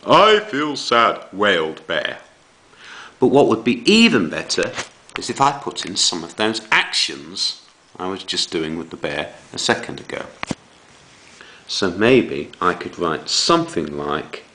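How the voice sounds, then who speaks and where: A man teaching young children a writing lesson, reading examples aloud with slow dramatic emphasis. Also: deep voice, slight background noise, poor audio. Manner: slow, lively delivery with dramatic read-aloud. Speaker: primary school teacher.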